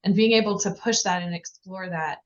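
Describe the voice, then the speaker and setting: A woman hosting a podcast interview, responding in an affirming way and talking in quick run-on sentences. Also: fairly low pitch. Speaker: podcast host. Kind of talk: casual interview chat. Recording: slightly dull lo-fi audio.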